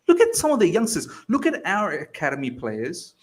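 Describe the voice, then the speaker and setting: A man's voice: high voice, wildly swooping pitch, normal speed, a little hiss or hum. A young man co-hosting a casual football chat, asking questions and mocking rival clubs. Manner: questioning, mocking, laughs easily. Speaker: podcast co-host.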